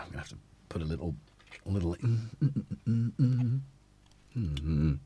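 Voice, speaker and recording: A man's voice: sits low, lively intonation, moderate pace, long pauses, background noise. A man with a northern English accent hosting a casual live stream, rambling, chatty and self-deprecating as he talks. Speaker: host.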